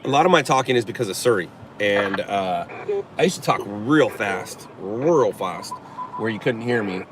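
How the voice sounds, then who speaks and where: A middle-aged man from Southern California, hosting a casual live stream and answering viewer comments in a slow, deliberate, somewhat monotone way, with a light Southern Californian accent. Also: on the low side, noisy background. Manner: slow, deliberate dictation-like delivery he calls monotone. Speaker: livestream host.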